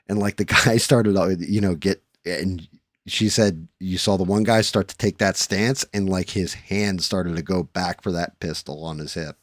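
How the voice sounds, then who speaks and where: Male host, very low voice, salty casual storyteller, dry mic. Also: moderate pace, no room sound. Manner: profane storytelling, drawling. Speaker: streamer host. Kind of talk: casual chat.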